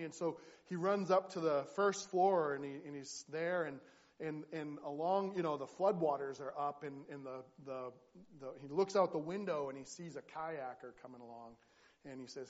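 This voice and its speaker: A man preaching a sermon as pastor, earnest and halting, with frequent restarts as he tells a story. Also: fairly high pitch, lo-fi sound.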